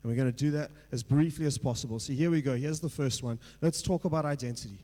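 A male pastor preaches conversationally in a warm, mid-range voice at a quick pace. He keeps checking in with the congregation with frequent "right?" asides and builds toward emphatic passages.

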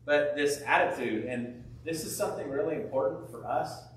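A man delivers a sermon, retelling a parable and animating each character as he goes. His voice sits a bit high for a man. The sound is very echoey and comes from some distance away from the mic. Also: moderate pace, a little hiss or hum. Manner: animated storytelling, acting out biblical characters' voices. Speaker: pastor.

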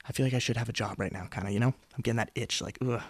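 With a husky mid-range voice and a steady tone, a young podcast host speaks very fast into a close studio mic, free of any room sound. His solo show is a casual, self-mocking ramble, sprinkled with jokes, sudden whispers, and put-on voices.

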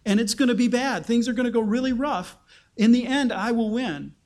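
A man voicing God as a calm, all-knowing male deity speaking in a steady, matter-of-fact way. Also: very high-pitched, a little fast, pitched above the performer's own voice. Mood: resolute.

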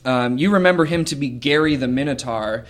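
A man narrating a tabletop game as game master, with frequent hesitations and fillers. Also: mid-range voice. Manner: slow, hesitant, with many fillers.

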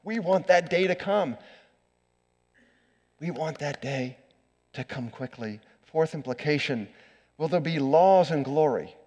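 A man's voice: fairly high pitch, lively intonation, measured pace, pauses often. Preaching man in a reverberant church. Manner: earnest preaching, swings from loud emphasis to hushed. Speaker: pastor. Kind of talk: sermon. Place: church sanctuary.

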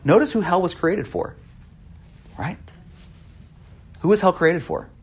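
A man's voice: sits high, sing-song, unhurried. A man leading a Bible study class, often repeating words as he works through a point and asking the group questions.

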